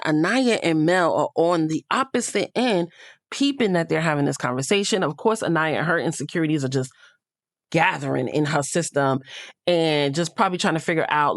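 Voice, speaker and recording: A woman's voice: deep voice, dry recording, studio quality. A woman hosting a casual show recap, blunt and opinionated, cursing freely as she comments. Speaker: reality show recap host.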